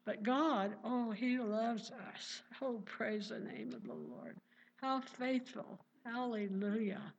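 A woman's voice: mid-range voice, a little hiss or hum. A woman preaching a sermon with fervent conviction and repeated exclamations of praise. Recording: dull lo-fi recording.

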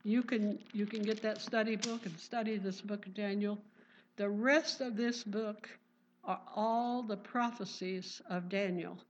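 A woman's voice: medium pitch, steady tone, a little slow. A woman teaching a Bible study in an earnest sermon style, reading verses and often saying praise. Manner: earnest, exclaims "Praise the Lord". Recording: dull lo-fi recording.

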